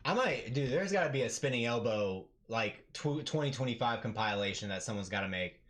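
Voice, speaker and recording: A man doing live play-by-play commentary on an MMA fight for his stream, talking casually and yelling with excitement at the big moments. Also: mid-range voice, fairly quick.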